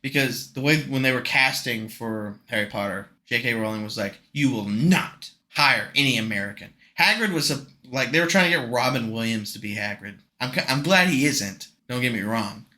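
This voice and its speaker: A man's voice: medium pitch, animated, brisk, few pauses, pushed and bright. A young man co-hosting a podcast in casual chat, joking and rambling, laughing often. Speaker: podcast co-host.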